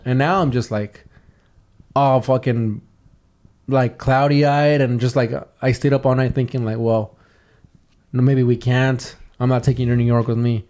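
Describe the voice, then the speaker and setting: A man's voice: mid-range voice, level tone, normal speed, darkish tone. A young man telling a long personal story on a podcast, casual and rambling, swearing often and restarting his sentences. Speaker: podcast host.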